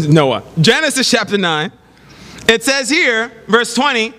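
A male pastor preaches with a high, bright voice that leaps around in pitch as he tells animated stories. His voice rings out with a long hall reverb, and faint noise sits underneath. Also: measured pace. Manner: animated storytelling with laughs and exclamations. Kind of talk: sermon.

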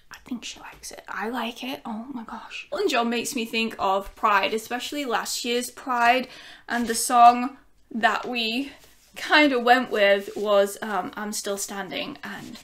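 Gushing with excitement, a woman with a fairly high voice unboxes records for her casual vinyl-collecting YouTube vlog at home. Her speech is slow and drawn out, and between thoughts she talks to her dog.

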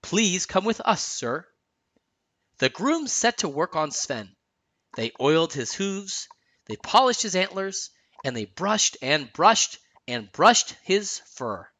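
A man narrating a children's storybook aloud in an expressive, sing-song way. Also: on the high side, slow pace, no room sound. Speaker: storyteller dad.

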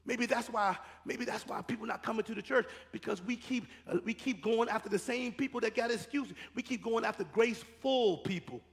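High-pitched gravelly preacher in a hall. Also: male voice, brisk, few pauses. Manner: preaching with rising and falling intensity, repeating phrases. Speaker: pastor. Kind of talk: sermon. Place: church sanctuary. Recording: reverberant church hall.

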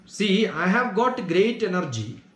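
A man's voice: high voice, sing-song, a little slow, reverberant. A man teaching as a spiritual teacher, answering questions earnestly and checking in with his listeners as he explains. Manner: earnest, explanatory, asks "Got it?" to check understanding.

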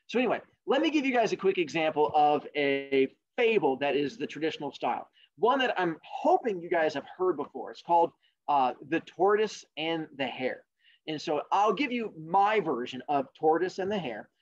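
A man hosting a podcast, telling a fable in a casual, jokey, animated way. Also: fairly high pitch, normal speed, lo-fi sound. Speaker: podcast host. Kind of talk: casual storytelling.

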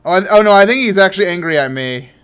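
Brief: playful American gamer, lively voice, giggly banter. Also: male voice, high voice, racing, clear, resonant tone. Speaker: game co-host. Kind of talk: casual gaming chat.

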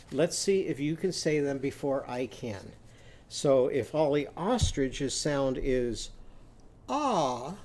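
Slow, higher-pitched man teaching phonics. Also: darkish tone. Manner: slow, encouraging, sounding out syllables. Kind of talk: children's phonics lesson.

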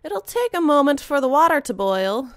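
A woman voicing a brash, fierce female fish-monster warrior captain from a game, loud and overeager. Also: high voice, sing-song, moderate pace, pitched above the performer's own voice. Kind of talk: reading game dialogue aloud.

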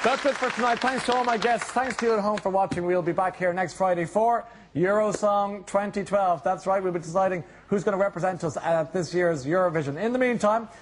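High-voiced Irish male chat show host. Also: brisk, few pauses. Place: TV studio with audience. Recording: crowd and noise in studio.

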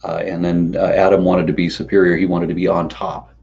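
A man hosts a relaxed conversation in a rather low voice, drifting through long stories and stumbling over repeated words. The recording sounds a bit muffled and lo-fi. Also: brisk, gravelly. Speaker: host. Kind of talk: casual conversational interview.

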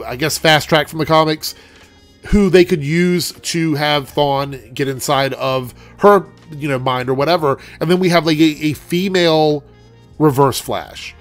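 A young man with a congested voice giving a rambling, chatty TV episode review as host of his show. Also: a little high. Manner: rambling, chatty, frequent ums.

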